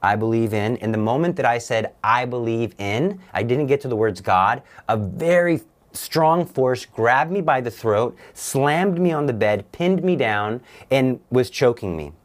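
A young man, a guest on a talk show, giving an earnest, halting personal testimony with many restarts. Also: mid-range voice, lively intonation.

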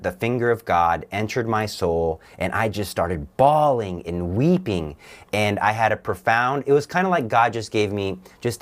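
Low-voiced man telling his conversion story. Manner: earnest, halting storyteller with many restarts. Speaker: guest. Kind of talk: personal testimony.

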